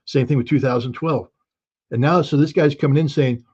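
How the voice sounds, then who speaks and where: A man's voice: mid-range voice, a little fast, dark tone, slightly rough, muffled recording. A man giving casual spoken analysis, emphatic and folksy, making his points with everyday analogies. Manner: folksy, emphatic, uses analogies and acted quotes. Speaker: commentator.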